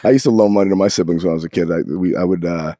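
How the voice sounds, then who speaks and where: A man's voice: deep voice, warm tone, no room sound, studio quality. A man hosting a podcast, talking bluntly and with plenty of swearing in a casual chat. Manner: blunt, profane, rapid talk. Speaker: podcast host.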